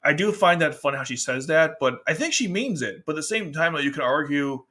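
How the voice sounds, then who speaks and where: A man's voice: fairly high pitch, fairly quick, hardly any pauses. A man casually reviewing a manga, chatting loosely and acting out characters' lines as he goes. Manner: chatty, animated, quotes characters in exaggerated voices, laughs often. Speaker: anime review host. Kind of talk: casual commentary.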